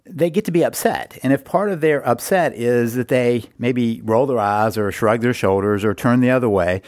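An earnest middle-aged man talks through relationship advice at a measured, explanatory pace. His voice sits at an ordinary middle pitch. The sound is close and dry. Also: darkish tone, no echo. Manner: earnest, explanatory, repeats words for emphasis. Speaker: podcast host and marriage coach. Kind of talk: advice podcast monologue.

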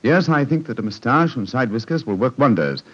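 Self-assured detective, husky, mid pitch, 1940s radio play, dull recording. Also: male voice, very animated, brisk, fairly bright tone. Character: brisk confident English detective.

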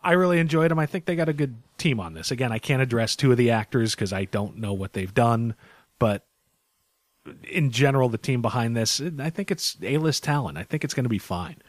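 A man's voice: mid-range voice, lively intonation, fairly quick, no room sound. Joking podcast host man, dry mic. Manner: joking, profane, does goofy impressions. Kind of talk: casual podcast chat about comics and films.

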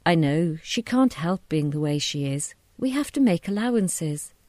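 A woman's voice: low-pitched, expressive, a little slow, dark tone, dry recording, studio quality. A woman voicing a polite, hesitant mother in a storybook reading. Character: anxious polite mother visiting a village.

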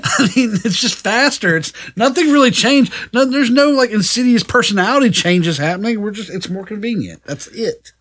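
A man's voice: high voice, animated, normal speed, few pauses, fairly bright tone. A man co-hosting a podcast in casual banter, sarcastic and profane, laughing often. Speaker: podcast co-host.

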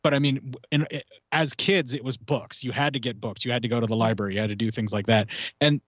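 A man's voice: mid-range voice, steady tone, fast, fairly bright tone, dry recording, dull audio. An American man in his forties, a podcast guest talking heatedly and swearing in casual chat. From United States. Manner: heated, swearing, rambling rants.

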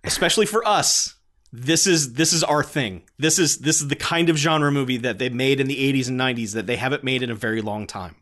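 A man's voice: mid-range voice, fairly quick, a bit bright. A man in a casual film review chat who talks animatedly, swears freely and acts out his own reactions.

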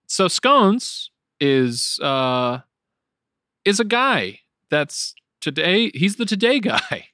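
Male host, casual podcast banter, teasing and playful, very lively pitch, dry close sound. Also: slow pace, no room sound. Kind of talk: casual chat.

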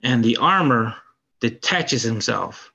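A man co-hosting a casual podcast, excitedly recounting a film's plot and acting out the characters' lines. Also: medium pitch, takes it slowly, gravelly, husky, highs cut off. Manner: animated retelling, acts out character lines. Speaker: podcast co-host. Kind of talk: casual film review chat.

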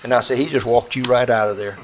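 A man recounts a close call to a small audience seated around him. His pitch sits squarely in the middle of the range, and his delivery is intense and halting, full of restarts and repeated words. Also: steady tone, a little hiss or hum. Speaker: bowhunter telling a story. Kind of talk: personal storytelling to a small audience.

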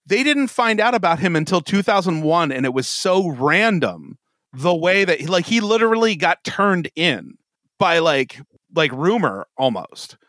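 Lively tipsy man telling a crime story. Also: on the high side, a little slow, dry recording, clean studio sound. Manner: animated, laughs often, swears. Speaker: podcast host. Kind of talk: casual true-crime chat.

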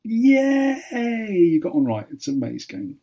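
A man hosting a playful quiz, teasing and deadpan. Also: medium pitch, moderate pace, creaky. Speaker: podcast co-host, quizmaster.

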